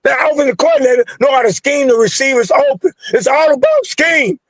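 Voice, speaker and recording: A man's voice: very high-pitched, big pitch swings, a little fast, no echo. A man calling in to a sports talk show, ranting angrily and repetitively in slangy speech about his team. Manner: fired-up, angry, repetitive, slangy. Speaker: caller ranting about football. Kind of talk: heated sports call-in rant.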